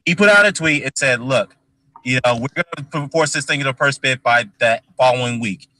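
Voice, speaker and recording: A man hosting a boxing talk show, making his case in a measured, casual way. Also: medium pitch, sharp tone, rough recording. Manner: measured, keeps repeating "take a look". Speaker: host.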